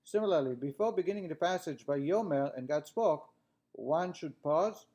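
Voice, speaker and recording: A man's voice: fairly high pitch, expressive, moderate pace, dark tone, highs cut off. A man teaching a class, reading a text aloud and then explaining it in plain words with frequent restarts.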